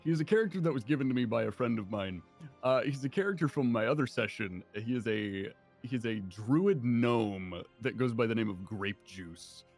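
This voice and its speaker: A man's voice: mid-range voice, animated, moderate pace, darkish tone, soft background music. A young man on a stream, chatting with friends about their tabletop game and telling a story with lots of laughs and swearing. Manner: laughs often, swears casually, tells anecdotes. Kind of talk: casual group chat.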